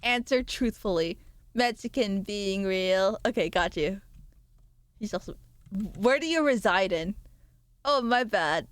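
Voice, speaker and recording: A woman's voice: medium pitch, expressive, measured pace, long pauses, no echo. A young adult woman streamer in casual live-stream chat, bantering with viewers, reading their messages aloud, laughing often and swearing freely.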